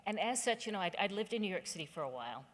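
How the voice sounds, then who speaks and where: A woman's voice: medium pitch, sing-song, rapid-fire. A woman from southern West Virginia, giving a keynote speech as a humorous, conversational storyteller on a theater stage. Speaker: keynote speaker. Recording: long hall reverb.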